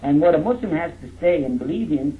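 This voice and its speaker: Man, jokey interactive lecture, coaxes audience to repeat, higher male voice, tinny phone-like recording. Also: animated, a little fast, a little hiss or hum. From Texas. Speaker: speaker teaching a live audience. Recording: narrow phone-like lo-fi sound.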